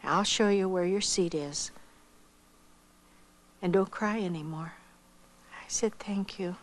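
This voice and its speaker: Older woman slowly telling her story. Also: lowish voice, rough recording. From United States. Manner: slow, reflective storyteller acting out quoted voices. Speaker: missionary giving testimony. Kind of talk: personal storytelling testimony.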